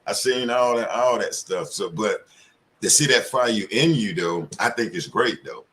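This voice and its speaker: A man's voice: on the low side, expressive, unhurried, a bit bright, slight background noise. A man in casual panel talk, telling loose, profane stories full of slang. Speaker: community panelist.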